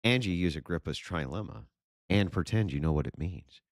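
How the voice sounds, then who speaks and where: A man's voice: low-pitched, expressive, normal speed, dry recording, clean studio sound. A man hosting a livestream and reading super chats in a blunt, profane, sarcastic way. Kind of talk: casual livestream chat.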